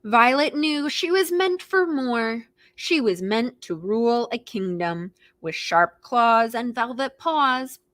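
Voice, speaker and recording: A woman librarian reading picture books aloud to preschoolers in an animated, expressive way, gasping and making animal noises. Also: fairly high pitch, slow pace, hardly any pauses, no room sound. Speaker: children's librarian hosting storytime.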